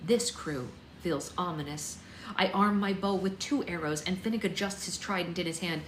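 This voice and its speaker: A young woman hosting a book club, reading a novel aloud live in a chatty way and pausing to soothe her baby. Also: on the low side, a little hiss or hum. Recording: echoey room, faint ambience.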